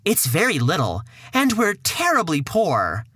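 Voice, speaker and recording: A man voicing a poor, eager teenage boy with his own voice pitched slightly higher. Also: huge pitch swings, unhurried, sharp tone, breathy edge, dry recording, clean studio sound, full character voice.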